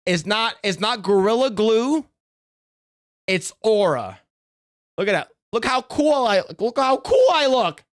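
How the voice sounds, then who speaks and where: A man's voice: sits high, expressive, measured pace. A man streaming live, reacting to his chat in a defensive, joking way, swearing and laughing often.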